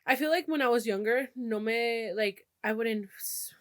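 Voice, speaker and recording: A woman's voice: on the high side, normal speed, no echo. Casual young woman host, very dry sound. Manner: casual, swears often, mixes in Spanish. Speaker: podcast host. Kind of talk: casual chat.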